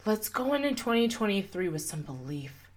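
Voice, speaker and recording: A woman's voice: mid-range voice, big pitch swings, moderate pace. A young woman hosting a solo motivational podcast, speaking earnestly and encouragingly and putting repeated questions to her listener. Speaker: podcast host and coach.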